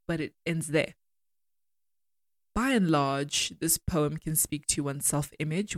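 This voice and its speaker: Low-voiced woman critiquing poetry. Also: dry recording, clean studio sound. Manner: measured, deliberate, argumentative. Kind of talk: analytical commentary reading poems aloud.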